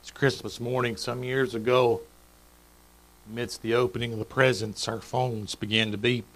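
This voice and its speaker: A man's voice: medium pitch, little pitch movement, moderate pace, fairly bright tone, poor audio. A middle-aged man preaching a sermon in a church, chatty and joking, quizzing the congregation. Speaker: pastor. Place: church sanctuary.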